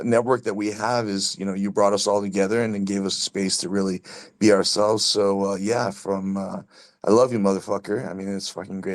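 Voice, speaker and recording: A man chatting on a podcast as a regular, brash and profane, telling a rambling story. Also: lowish voice. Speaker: podcast co-host. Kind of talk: casual chat.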